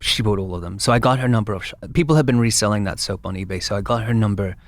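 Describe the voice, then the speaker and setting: A man guest and brand founder in a casual interview, an animated storyteller with frequent restarts. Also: on the low side, very fast, no room sound, studio quality.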